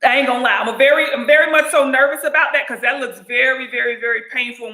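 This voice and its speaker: Sassy high-voiced woman vlogger, echoey room. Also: fairly quick, hardly any pauses, sharp tone. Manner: chatty, sassy, calls viewers honey and you guys. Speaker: beauty and lifestyle vlogger. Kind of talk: casual chat to camera.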